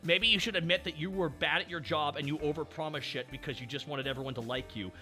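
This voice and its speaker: A man's voice: on the high side, fast talker, faint music behind. A man streaming as a VTuber, chatting casually and ranting with lots of swearing. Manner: ranting, swears a lot, loud bursts. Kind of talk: casual chat.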